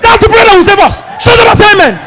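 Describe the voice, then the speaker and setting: A man voicing a bossy passenger who barks at others to hush and say amen. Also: very high-pitched, expressive, racing, a loud crowd, voice pushed up. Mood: commanding. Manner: barking commands.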